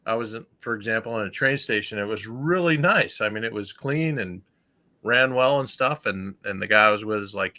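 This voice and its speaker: A man on a livestream panel, telling anecdotes in an animated, emphatic way. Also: on the low side, a little fast. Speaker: panel guest. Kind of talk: casual streamed panel chat.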